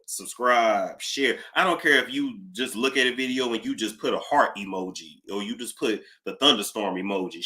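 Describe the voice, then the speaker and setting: Chatty male livestream host with a bright, forward voice; animated and talkative. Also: mid-range voice. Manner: animated, chatty, reading out donor thanks. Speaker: YouTube gossip host. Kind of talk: casual livestream chat.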